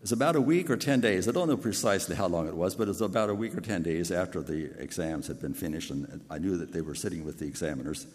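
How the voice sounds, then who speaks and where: A man's voice: low-pitched, fast talker, hardly any pauses, a little mellow. An older man with a big voice preaching a sermon in an earnest, personal storytelling way. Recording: long hall reverb.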